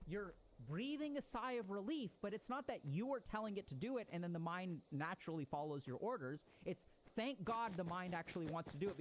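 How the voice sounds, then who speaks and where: Animated high-voiced man lecturing casually. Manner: animated, acts out inner voices, swears casually. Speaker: speaker on motivation and mind. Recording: noisy recording.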